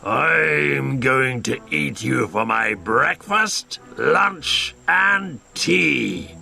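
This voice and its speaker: A man's voice: expressive, vocal fry, sharp tone, full character voice. A man voicing a roaring, hungry male troll in a storybook reading, drawing out his words. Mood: menacing. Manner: booming, drawn-out roars.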